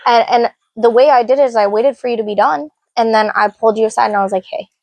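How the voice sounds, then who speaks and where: Woman cohosting a couples podcast, kinda gravelly voice, frank and chatty, dry close mic. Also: on the high side, fast, dry recording. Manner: lively storyteller, frank and self-reflective. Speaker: podcast co-host. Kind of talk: unscripted couple's conversation.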